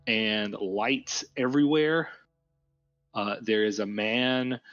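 A man narrates a tabletop game as its game master, stopping and restarting often. His voice sits low and sounds dull, as if through a cheap home mic. The room is dry and close. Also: a bit bright, dry recording. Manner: halting, with many fillers and restarts.

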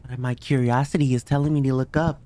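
He talks fast in a mid-range voice with a dark tone and fairly even intonation. As the host of his own gaming channel, he plays a horror game with nervy, chatty commentary aimed right at his viewers, yelping at every startle.

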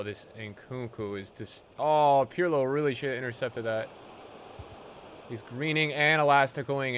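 A young adult man giving live commentary over his own video game matches, excitable, jumping from loud yelps to low muttering. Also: slight background noise. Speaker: gaming video creator.

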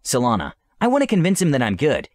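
A man voicing a brash, adventurous young princess in a bright, bouncy, impulsive way for a storybook tale. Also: medium pitch, huge pitch swings, fast talker, no room sound. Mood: eager, playful. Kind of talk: storybook role-play reading.

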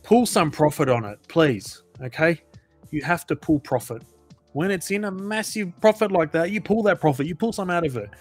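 A man with a slightly high voice talks casually to his viewers about riding out a crypto crash. He is animated and emphatic, hammering his points home by repeating them. Faint music plays underneath. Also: normal speed. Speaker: crypto channel host. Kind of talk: casual motivational advice to viewers.

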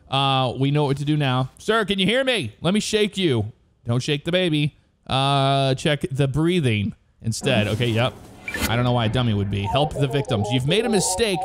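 A man hosting a casual let's-play, commenting in a jokey way, exclaiming and reading game prompts aloud. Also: medium pitch. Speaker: gaming video host.

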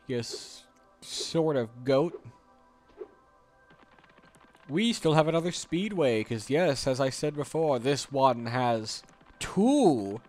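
A man's voice: medium pitch, animated, slow pace, long pauses, a little mellow, soft background music. Chatty young man grumbling over gameplay. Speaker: let's play host. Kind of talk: casual gameplay commentary.

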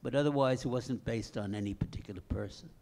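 An older man, a screenwriter, recalling the past on stage in a halting way with many pauses. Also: mid-range voice, mellow. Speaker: screenwriter guest. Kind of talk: reminiscing on stage.

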